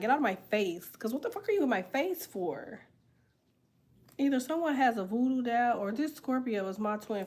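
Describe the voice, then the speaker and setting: A woman's voice: medium pitch, a little mellow. A young woman tarot reader on a casual livestream, chatting bluntly and profanely while she answers comments, congested from a sinus infection.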